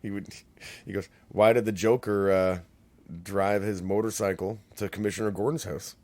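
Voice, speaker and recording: A man co-hosting a casual podcast chat, profane and quick to laugh, often acting out the voices of people he describes. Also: fairly low pitch, level tone, a little mellow, no echo. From Canada. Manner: profane, laughs a lot, acts out quoted voices. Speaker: podcast co-host.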